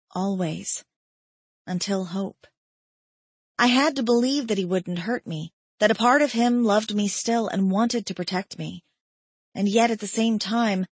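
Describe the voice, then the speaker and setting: A woman narrating a first-person romance audiobook in a soft, reflective, subdued manner. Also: mid-range voice, dry recording.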